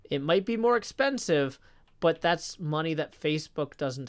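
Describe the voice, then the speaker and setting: A man's voice: medium pitch, animated, normal speed. A man live-streaming a game, chatting casually, reading out tips and counting blocks under his breath.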